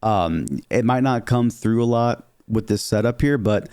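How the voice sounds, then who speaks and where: A man talking casually through his microphone settings, full of fillers and little check-ins, with a low, slightly muddy voice. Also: a little slow, darkish tone, smooth, no echo, studio quality. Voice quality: lower register, somewhat muddy midtones. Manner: chatty, filler-heavy, keeps saying "okay?" and "here". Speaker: streamer explaining audio settings. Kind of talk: casual tutorial. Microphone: dynamic studio mic, close.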